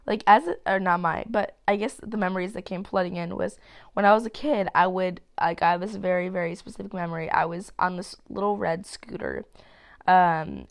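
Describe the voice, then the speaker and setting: A nineteen-year-old woman with a lowish, creaky voice hosts a solo podcast while sick with a cold. She rambles candidly, using lots of fillers and swearing casually as she recovers.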